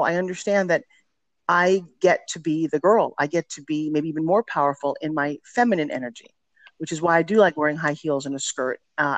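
A middle-aged woman with a low voice appears as a guest on a podcast, telling candid stories with energy and emphasis. The recording is dry.

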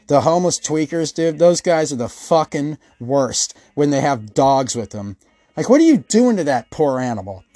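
This man's mid-range voice has a darkish tone and no echo. Hosting a podcast, he rambles through stories packed with swearing, acting out the quotes of the people in them as a comedic rant.

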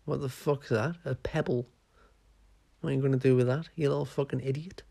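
A man's voice: mid-range voice, steady tone, a little fast, creaky, mellow, husky, voice pushed up. A man voicing a brash male monkey soldier who taunts someone crudely. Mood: taunting.

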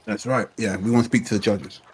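A man's voice: fairly low pitch, steady tone, fast, husky. A man playing a tabletop game, joking and swearing in casual chat. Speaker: player.

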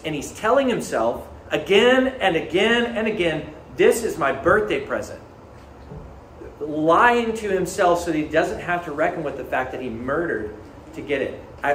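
A man preaching a sermon as pastor, talking in a conversational, earnest storytelling way. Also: on the high side. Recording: echoey room, faint ambient noise.

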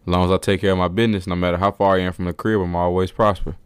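A man's voice: low-pitched, level tone, fast, few pauses, smooth, dry recording. A young man co-hosting a casual podcast, hype and slangy. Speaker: podcast co-host.

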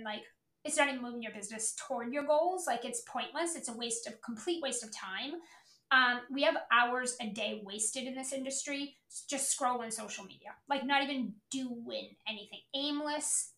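A woman in her thirties delivers a blunt, profane business podcast rant. Her voice sits a little high, and her delivery is impatient and emphatic. The recording carries a noticeable room echo. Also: creaky, bright, forceful tone. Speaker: podcast host, business owner. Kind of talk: blunt motivational podcast monologue.

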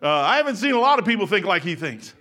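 An older man preaching a folksy sermon, laughing often and swinging from shouts to hushed asides. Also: high voice, very animated, fast. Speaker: pastor. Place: church sanctuary.

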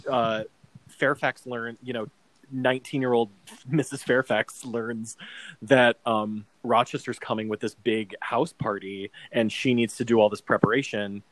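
A man's voice: mid-range voice, fairly even intonation, measured pace, a bit bright, no room sound, rough recording. A man co-hosting a casual podcast chat, rambling with lots of fillers and acting out quoted lines. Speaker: podcast co-host. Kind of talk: casual chat about a TV adaptation.

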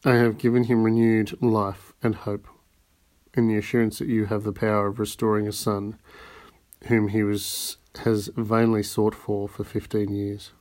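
A guy reading a calm, polite rich count, low voice, measured and in control. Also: lightly acted. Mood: composed. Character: composed, courteous wealthy nobleman, male.

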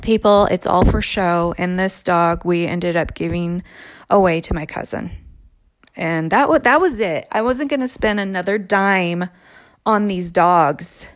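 A woman telling a personal story in a casual, unhurried way, pausing and sighing between thoughts. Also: lowish voice, no room sound, clean studio sound. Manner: slow, unhurried, with sighs and trailing pauses.

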